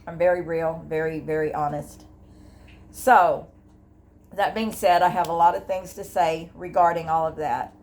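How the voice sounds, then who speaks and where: A woman's voice: sits low, steady tone, measured pace, a little mellow. A woman, older, talking candidly and emotionally about her grief in a personal vlog from home, rambling with restarts. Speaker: grief vlogger. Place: at home, indoors. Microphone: device camera.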